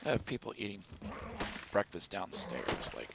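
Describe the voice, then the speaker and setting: With a deep, creaky, sing-song voice and a slightly fast pace, a central-US man rambles chattily to himself while streaming a game from home. Background music plays, and there's background noise too.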